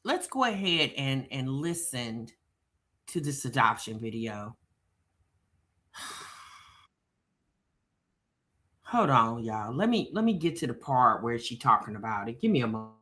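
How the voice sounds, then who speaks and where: A woman's voice: a bass voice, big pitch swings, measured pace, pauses often, fairly bright tone. A woman hosting a reaction commentary stream, chatty and incredulous as she talks to her viewers. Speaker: commentary host.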